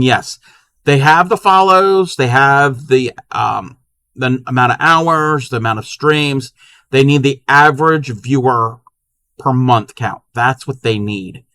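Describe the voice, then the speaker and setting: Brief: male crochet streamer, chatty and bright-voiced, dry mic. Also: mid-range voice, no echo. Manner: chatty, counts stitches under his breath. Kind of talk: casual live-stream chat while crocheting.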